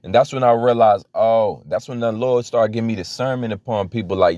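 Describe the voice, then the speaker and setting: A man's voice: fairly low pitch, fairly quick, darkish tone, no echo. A young man giving a loose, conversational teaching talk as a preacher, full of restarts and fillers. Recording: dry, dull lo-fi audio.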